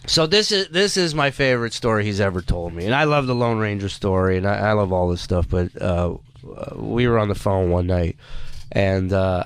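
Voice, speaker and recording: A man hosting a radio show, telling a story in a loose, profane, animated way. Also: low voice, creaky, smooth. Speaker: radio host. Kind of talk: casual radio chat and storytelling.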